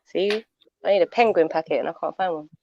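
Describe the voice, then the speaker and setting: A woman's voice: on the low side, fast talker, gravelly, a little mellow, muffled recording, slight background noise. A woman on a stream panel, teasing and laughing. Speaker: panel guest. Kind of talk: casual livestream chat.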